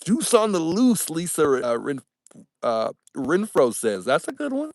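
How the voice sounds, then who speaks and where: A young man hosting a casual livestream, upbeat and animated as he reads viewer comments and thanks his audience. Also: on the high side, a little slow, vocal fry, no echo, clean studio sound. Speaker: livestream host.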